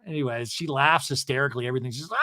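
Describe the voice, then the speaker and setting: A snarky man hosts a comedic TV recap with theatrical, mock-dramatic flair. His pitch swings widely as he talks. The sound is dry and close to the mic. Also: animated, normal speed, a bit bright, no echo. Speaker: podcast host.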